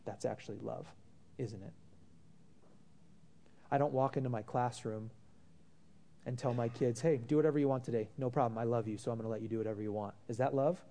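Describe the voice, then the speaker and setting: Reading scripture aloud during a sermon, a preacher pushes his congregation with rhetorical questions, addressing them as brothers and sisters and slipping in casual asides. His voice is warm and sits at a medium pitch.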